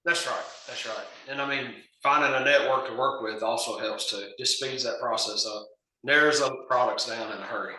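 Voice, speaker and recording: Bright-voiced farmer in an echoey room. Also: male voice, medium pitch, steady tone, moderate pace. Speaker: farmer guest. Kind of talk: casual interview.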